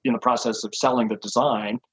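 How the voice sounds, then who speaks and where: A man's voice: mid-range voice, steady tone, a little fast, breathy edge, poor audio. A man in his sixties, a podcast guest telling rambling stories with lots of fillers and chuckles. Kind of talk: casual anecdotal storytelling.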